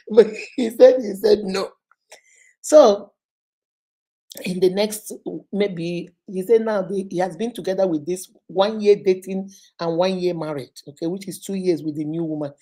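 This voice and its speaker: A woman's voice: medium pitch, normal speed, warm tone. A woman hosting an advice show, retelling a viewer's story with dramatic quoted voices.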